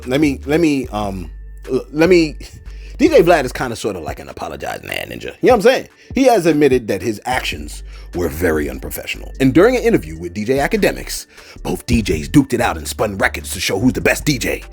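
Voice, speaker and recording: A man's voice: mid-range voice, darkish tone, slightly rough. A man casually commenting on celebrity gossip, digressing into preachy asides and mock-quoting people. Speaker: commentary host.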